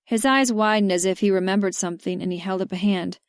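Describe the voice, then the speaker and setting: A woman reading a romance novel aloud in the first person, with measured, steady narration. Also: medium pitch, clear, resonant tone, dry recording, clean studio sound. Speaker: audiobook narrator. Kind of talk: scripted narration.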